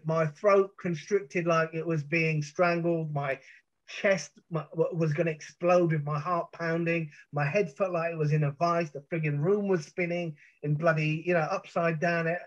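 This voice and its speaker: A middle-aged man from the United Kingdom, appearing as a podcast guest, intensely recounts a personal ordeal in vivid detail, with restarts and swearing. His slightly high voice keeps a steady tone at a normal speed. The podcast audio is muffled and dull.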